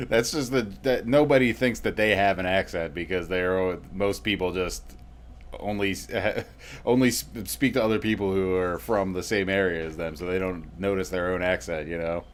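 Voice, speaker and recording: A man's voice: sits low, moderate pace. A young man making dry, wry remarks and explaining things at length in a casual podcast chat. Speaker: podcast co-host. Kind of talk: casual chat among friends.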